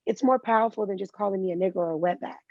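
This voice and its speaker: Woman guest, gravelly texture, candid storyteller who voices the people she quotes; dry, dull call-quality audio. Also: mid-range voice, rapid-fire, no echo. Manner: candid storytelling, animated quoting of others. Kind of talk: interview conversation.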